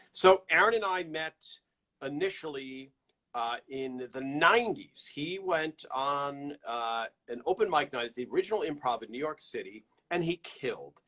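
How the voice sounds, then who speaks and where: A chatty man hosts a live stream from home, loudly greeting viewers by name. His voice is bright and forceful at a middle pitch. It comes through a plain built-in computer mic. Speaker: host of a live fan show.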